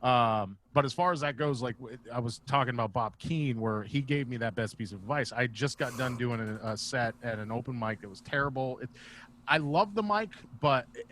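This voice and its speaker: A male stand-up comedian guesting on a video-call podcast, telling profane, animated stories in a casual chat. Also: mid-range voice, fairly quick, slight background noise. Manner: profane, animated anecdote teller.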